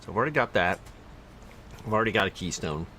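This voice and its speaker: This game streamer has a low, bright, forceful voice and talks quickly and animatedly, with a bit of hiss or hum on the audio. His commentary is casual: he banters with viewers, teases the chat, and reads out loot and skill text.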